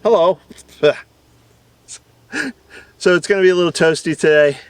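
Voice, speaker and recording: Rambling gardener, a bit off-mic outdoors. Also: male voice, on the high side, steady tone, racing, clear, resonant tone, no echo, far from the mic. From Southern United States. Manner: rambling, self-deprecating, chuckles often. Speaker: gardening channel host. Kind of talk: casual outdoor video talk.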